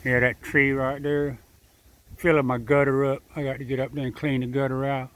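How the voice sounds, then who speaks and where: A man's voice: mid-range voice, flat delivery, moderate pace, fairly bright tone. Older man, casual drawl, backyard vlog, talks to animals and camera. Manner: drawling, chuckling, rambling, talks sweetly to the squirrel. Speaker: backyard vlogger feeding squirrels. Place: outdoors in a backyard.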